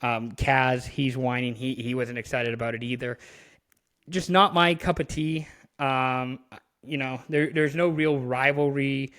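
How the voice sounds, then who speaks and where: A man's voice: medium pitch, fairly even intonation, a little slow, a bit bright. A man from Canada, a podcast co-host, chatting casually about hockey with many fillers and restarts. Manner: rambling, frequent fillers and restarts. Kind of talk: casual sports chat.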